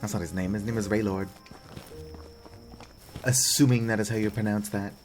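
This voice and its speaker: A man's voice: on the low side, fairly even intonation, normal speed, music in the background. Wry man narrating a game playthrough. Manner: wry, self-mocking asides, reading game text aloud. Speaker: gaming video creator. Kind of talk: casual let's-play commentary.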